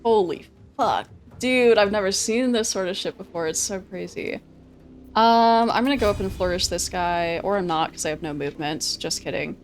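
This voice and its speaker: Excitable woman streamer chatting over gameplay, curses a lot, laughs easy, some music playing low. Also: normal speed. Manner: excitable, swears freely, laughs often. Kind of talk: casual gameplay commentary.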